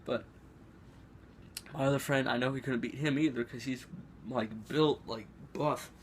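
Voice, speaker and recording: A teenage boy tells a school story to his camera in a loose, rambling way, leaning on fillers and starting lines over. His voice sits at a middle pitch. A faint room hum sits behind him at home. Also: steady tone, a little slow. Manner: rambling, filler-heavy, restarts often. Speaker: vlogger. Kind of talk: casual storytelling.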